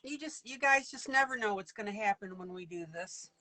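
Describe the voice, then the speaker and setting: A woman's voice: medium pitch, expressive, brisk, pushed and bright, poor audio. A woman leading a casual live coloring lesson, chatty and playful, laughing often as she works. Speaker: online coloring teacher.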